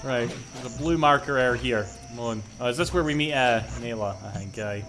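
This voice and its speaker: A man's voice: mid-range voice, moderate pace, fairly bright tone, soft background music. A man with a Scottish accent, rambling playfully and swearing as he streams a game. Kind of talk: casual gaming commentary.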